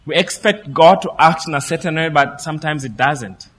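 A man preaching a sermon, telling the story in a lively way and acting out what the people in it say. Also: fairly high pitch, moderate pace, big-room sound. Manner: lively storytelling preacher who acts out the quoted speech.

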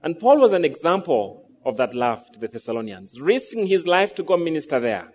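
A man in his thirties delivers a sermon in a voice that sits a little high for a man. He keeps drawing the congregation in with rhetorical questions. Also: big pitch swings, brisk, a little mellow. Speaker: pastor.

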